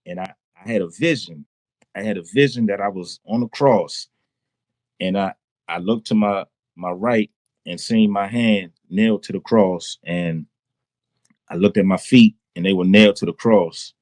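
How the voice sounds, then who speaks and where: A man tells his personal testimony in a lowish voice, with casual slang and bursts of laughter. He gets excited, restarts sentences and repeats himself. The sound is close and dry. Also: moderate pace, dry recording. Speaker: testimony guest.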